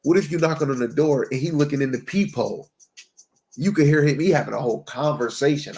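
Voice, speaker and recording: A man's voice: on the high side, expressive, fairly quick, gravelly, darkish tone. A man giving a conversational Bible teaching sermon. He is emphatic, mixes in street slang, keeps asking "right?", and reads scripture aloud in old-fashioned wording. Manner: emphatic, street-slang preaching with constant "right?" check-ins. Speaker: preacher.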